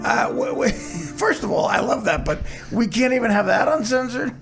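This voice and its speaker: Teasing gravelly man hosting a podcast. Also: very high-pitched, expressive, over music. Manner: teasing, quick to mock. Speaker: podcast host. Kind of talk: casual comedic chat.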